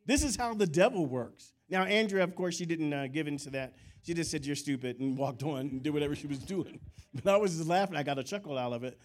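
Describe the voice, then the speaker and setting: A man's voice: on the high side, fairly quick. A man preaching a sermon, calling out for amens and telling chatty stories between his points. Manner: animated preaching with call-and-response; conversational storytelling asides. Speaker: pastor.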